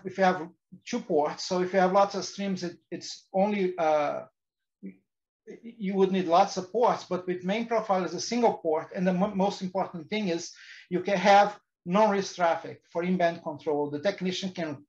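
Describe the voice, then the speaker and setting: A man's voice: high-pitched, highs cut off. A man giving a technical presentation to engineers, often restarting words and using fillers. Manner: hesitant, frequent restarts and fillers.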